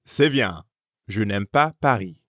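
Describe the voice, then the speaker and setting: Slow, lively-voiced male teacher. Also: on the low side, dry recording, studio quality. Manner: slow, careful pronunciation for learners. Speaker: language teacher. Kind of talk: scripted lesson narration.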